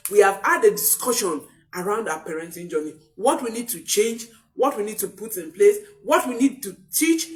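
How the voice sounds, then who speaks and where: A woman parenting coach talks with a lively, rising and falling voice. She leans on repetition to drive each point home. Her voice sits at some distance from the microphone. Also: medium pitch. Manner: expressive, repeats key phrases for emphasis. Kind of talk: motivational parenting talk.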